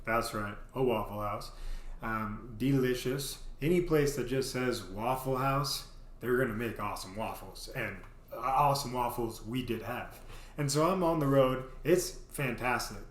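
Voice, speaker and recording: A man's voice: mid-range voice, unhurried. A man telling a casual story to his vlog audience, rambling with lots of filler words. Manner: rambling, heavy on "you know" fillers. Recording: roomy echo.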